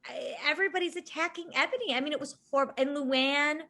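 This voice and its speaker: A woman's voice: high-pitched, quick pace, bright, forceful tone. A woman co-hosting a casual podcast chat, talking in an emphatic, indignant way. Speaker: podcast co-host.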